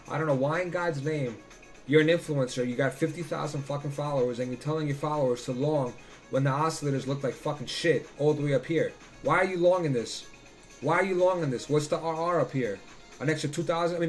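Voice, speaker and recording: Blunt, ranting man over faint music. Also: a little high. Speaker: crypto trading analyst. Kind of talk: casual chart analysis with rants.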